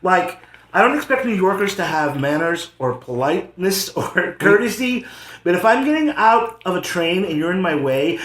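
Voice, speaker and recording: A man's voice: high-pitched, a little fast. A man on a comedy podcast telling stories in casual chat, acting out the angry lines of the people in them. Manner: animated storyteller, acts out heated quotes. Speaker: podcast host. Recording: echoey room with background noise.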